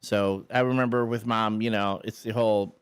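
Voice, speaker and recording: A man hosting a radio show in casual chat, acting out quotes with animated energy. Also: lowish voice, normal speed, clean tone. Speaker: radio host.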